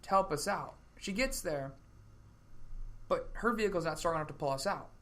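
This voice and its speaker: A young adult man hosts a casual podcast, telling stories in a chatty manner and laughing between lines. His voice is on the high side, expressive and a bit bright, at a moderate pace.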